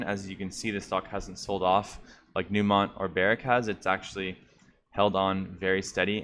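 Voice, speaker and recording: A man's voice: lowish voice, a bit bright, a little hiss or hum. A man hosting an investing channel, giving casual stock market commentary in a conversational way, calling viewers "guys". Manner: conversational, addresses viewers as guys, frequent fillers.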